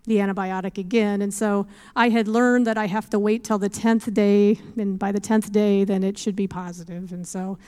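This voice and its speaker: A woman tells her faith testimony in an earnest, animated way, often breaking into small laughs. Her voice is smooth and clear, at a mid pitch. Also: moderate pace, hardly any pauses. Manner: earnest, animated storytelling with scripture quotes. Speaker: speaker giving a faith testimony. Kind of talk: testimony talk.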